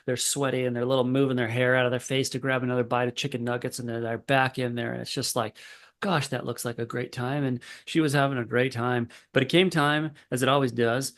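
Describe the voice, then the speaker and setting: Brief: male therapist guest, gravelly voice, middle pitch, easygoing anecdote. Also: fast, hardly any pauses. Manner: relaxed, lots of fillers and restarts. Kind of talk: conversational storytelling.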